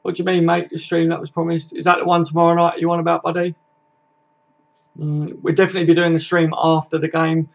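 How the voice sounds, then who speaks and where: Gravelly chatty young man on stream. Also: on the high side, completely flat delivery, fast. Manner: chatty and matey, swears often, reads chat aloud. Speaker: livestream host. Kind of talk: casual live-stream chat. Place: home computer setup.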